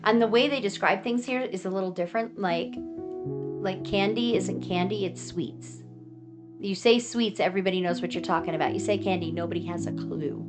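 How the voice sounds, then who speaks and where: A woman's voice: medium pitch, moderate pace, over music. An American woman giving casual, earnest advice in a chatty way, often acting out how other people answer her. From United States. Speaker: vlogger giving advice to foreigners.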